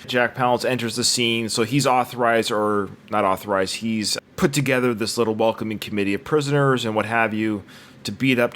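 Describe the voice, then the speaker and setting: A man's voice: mid-range voice, fairly bright tone. A man hosting a film podcast, chatting in an enthusiastic way about the movie. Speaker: podcast host. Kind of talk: casual film-review chat.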